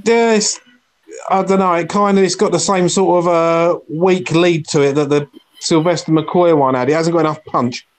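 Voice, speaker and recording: A man co-hosts a casual reaction chat. He offers his views in a relaxed, tentative way, with a voice a touch above the usual. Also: on the high side, normal speed. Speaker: co-host.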